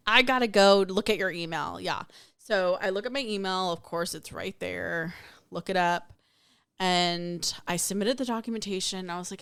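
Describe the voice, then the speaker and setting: A young adult woman talks candidly through a personal story on her spiritual podcast, often slipping into the voices of the people in it. Her voice is smooth and clear, sitting a little low for a woman. The sound is close and dry, with no room around it. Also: normal speed, a bit bright, no room sound. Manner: candid, storytelling with acted-out quotes. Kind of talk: personal reflective monologue.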